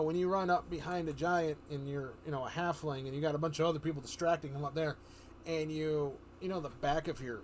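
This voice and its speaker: A man streaming live, telling a fantasy adventure story in a rambling, animated way, full of fillers and restarts. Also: fairly high pitch, a little hiss or hum.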